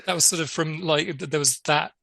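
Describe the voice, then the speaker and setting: A man co-hosting a podcast, talking through a film in a measured, agreeable way with halting restarts. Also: fairly high pitch, fairly even intonation, creaky, bright, forceful tone, dry recording. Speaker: podcast co-host. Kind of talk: casual film discussion.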